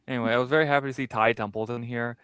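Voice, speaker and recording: A man's voice: mid-range voice, steady tone, very fast, fairly bright tone, clear, resonant tone, dry recording. A man hosting a casual comics chat, joking and swearing, often breaking into laughter. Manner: profane, joking, bursts of laughter. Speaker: podcast host.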